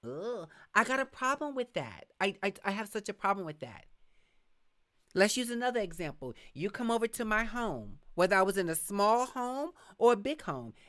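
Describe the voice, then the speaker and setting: A middle-aged woman hosting a live podcast, talking frankly and reading viewer comments, acting out quick asides as she tells stories. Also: medium pitch. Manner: frank, animated storytelling with voiced asides. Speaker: podcast host.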